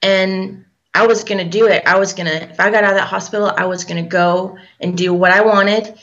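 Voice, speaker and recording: A young woman, a guest in an interview, telling a personal story in a halting, hesitant way with many fillers. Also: mid-range voice, fairly even intonation, fairly bright tone. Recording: dull lo-fi recording.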